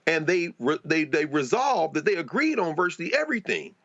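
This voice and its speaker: A man's voice: fairly high pitch, sing-song, brisk, vocal fry, fairly bright tone, no echo. Professorial man on a dull remote line. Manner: professorial, detailed, with frequent restarts. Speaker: panelist. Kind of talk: panel discussion commentary.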